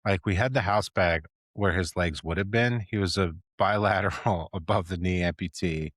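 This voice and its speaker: A man's voice: sits low, normal speed, fairly bright tone, no echo, clean studio sound. A man hosting a podcast, chatting casually, joking, swearing freely and laughing often. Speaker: podcast host, EMT.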